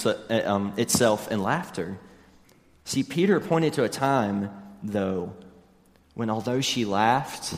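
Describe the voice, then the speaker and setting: A man preaching a sermon as pastor, earnest and conversational, addressing wives directly, recorded in a large hall with long reverb. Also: medium pitch.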